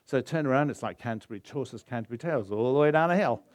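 A man's voice: medium pitch, animated, rapid-fire, dry recording, clean studio sound. A man preaching a sermon, telling a story with feeling and building to an urgent call to faith before leading a prayer. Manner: storytelling, building to emotional exhortation. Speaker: pastor.

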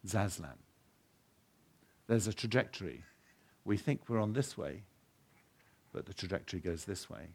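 Low-voiced man preaching and reading aloud. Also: lively intonation, a little slow, gravelly, long pauses, husky. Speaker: pastor. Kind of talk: sermon with a read-aloud story.

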